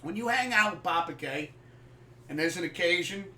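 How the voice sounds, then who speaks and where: A man hosting a live sports podcast, telling a story casually and animatedly, swearing freely and acting out scenes loudly. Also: high voice, expressive, normal speed, slight background noise. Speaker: podcast host. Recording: echoey room, far from the mic.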